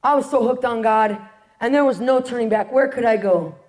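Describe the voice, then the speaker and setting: A woman with a high, bright speaking voice delivers a testimony to a crowd. She tells it like a storyteller, jumping into voices for each person and laughing along the way. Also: fairly quick. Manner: animated storyteller, acts out quotes, laughs often. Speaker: ministry speaker sharing testimony. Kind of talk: testimony talk to an audience.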